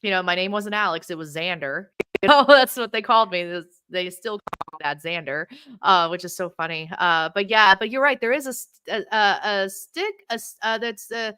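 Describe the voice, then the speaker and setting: A woman's voice: medium pitch, moderate pace, sharp tone, clean tone, dry recording. A woman hosting a casual interview over a video call, friendly and rambling, with frequent restarts. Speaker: interview host.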